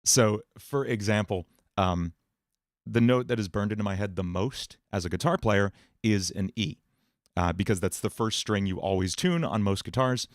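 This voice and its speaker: A man hosting a livestream Q&A about singing and voice, explaining in a relaxed way with many fillers. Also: lowish voice, moderate pace, no room sound, studio quality. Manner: relaxed explaining, many fillers, breaks into sung and put-on voice demos. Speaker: music producer and livestream host.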